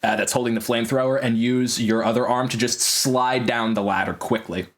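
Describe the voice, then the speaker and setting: A man running a tabletop game as game master, narrating action quickly and playfully. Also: mid-range voice, steady tone, fairly bright tone.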